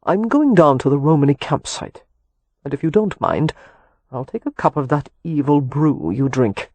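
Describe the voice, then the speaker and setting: A weary, protective husband with a husky, slightly high voice, as a male reader plays him. He speaks earnestly with a wry edge, close and dry on the mic. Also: animated, normal speed, darkish tone, no room sound.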